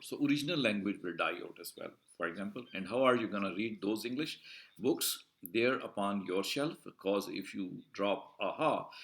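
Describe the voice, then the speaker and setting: A male university lecturer explaining a poem in a recorded lecture, deliberate and repetitive, with frequent "uh" fillers and restarts. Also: deep voice, fairly bright tone. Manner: deliberate, explanatory, repeats and rephrases points.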